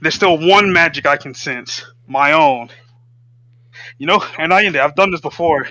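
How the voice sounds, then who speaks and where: A man playing a tabletop role-playing game in casual chat, excitable and swearing freely, slipping into his character's lines. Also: fairly high pitch, measured pace, rough recording. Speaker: player.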